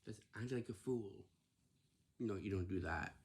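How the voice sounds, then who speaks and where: A man with a slow, husky, fairly low voice delivers a casual advice monologue. He repeats himself and scolds gently, tossing in "right?" to check that listeners follow. His tone is soft and mellow. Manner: repetitive, scolding, lots of "right?". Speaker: vlogger giving workplace advice.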